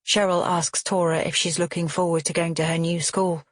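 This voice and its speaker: A woman narrates an audiobook in first person, steady and measured. Her voice is lowish and husky, recorded close and dry. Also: dry recording.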